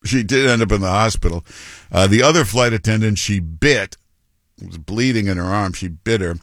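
A man's voice: on the low side, normal speed, a bit bright, no room sound, clean studio sound. A male talk radio host giving blunt, mocking commentary with many fillers and restarts.

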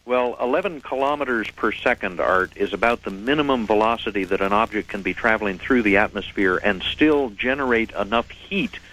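Measured low-voiced radio guest. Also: male voice, bright, forceful tone, low-quality recording. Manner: measured, articulate, explanatory, precise. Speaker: radio guest, head of a UFO reporting center. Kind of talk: phone-in radio interview.

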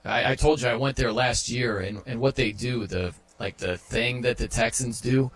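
A man hosting a sports talk radio show, energetic and chatty, with a husky voice. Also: medium pitch, normal speed. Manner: energetic, mimics stadium chants.

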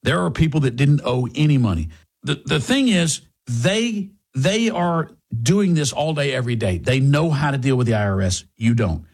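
A man's voice: medium pitch, a little mellow, husky. A man hosting a talk radio show, delivering an emphatic, sarcastic monologue and a live sponsor read. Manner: emphatic, sarcastic, rising to indignant peaks.

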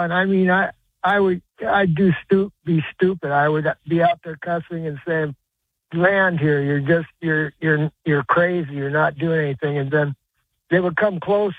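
Guy calling into radio, kinda high voice, rambles with lots of uh's, thin phone sound. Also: no room sound. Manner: rambling, halting, many uh's and restarts, earnest. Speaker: caller. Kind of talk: telling a personal story on call-in radio. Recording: tinny phone line.

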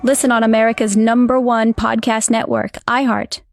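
A woman's voice: a little high, fairly even intonation, normal speed, no echo, clean studio sound, soft background music. A woman reading a short announcer tag for a podcast network. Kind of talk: promo tag.

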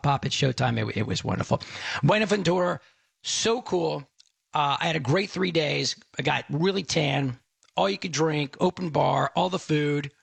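Gravelly-voiced chatty man. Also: a little high, fairly bright tone, no room sound. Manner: rambling, self-interrupting, enthusiastic. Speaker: radio show host. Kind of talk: casual radio chat with giveaway promo.

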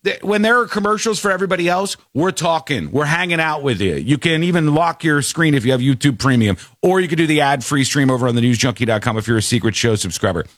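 Male show host, lively swooping delivery, dry close sound, chatty and rambling. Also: a little high, fast, few pauses, dry recording. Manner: animated, rambling, laughs often. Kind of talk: casual talk show banter.

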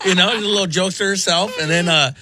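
A man, a regular on a radio show, telling an animated story in casual banter with frequent laughs in a studio. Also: high-pitched, quick pace, slight background noise.

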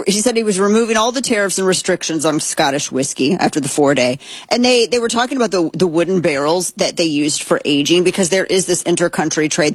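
A woman's voice: on the low side, dry recording. A woman hosting casual political commentary, talking in a rambling, opinionated way with frequent restarts.

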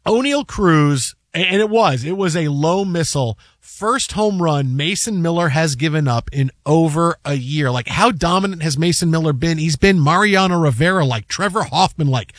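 Guy hosting sports talk, kinda high voice, jokey and rambling, dry sound. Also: moderate pace, few pauses, dry recording. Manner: animated, joking, rambling storyteller. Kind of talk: casual chat.

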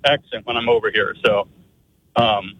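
A man's voice: fairly low pitch, steady tone, moderate pace, a bit bright. A man from Pennsylvania calling into a radio show, hesitant and teasing. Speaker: caller. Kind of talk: phone call to radio show. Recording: muffled phone line.

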